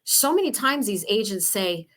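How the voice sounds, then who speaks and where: A woman's voice: medium pitch, big pitch swings, moderate pace, fairly bright tone. A woman in her fifties from Ohio, a real estate agent telling her story in a chatty, casual interview. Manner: chatty, storytelling with quoted asides.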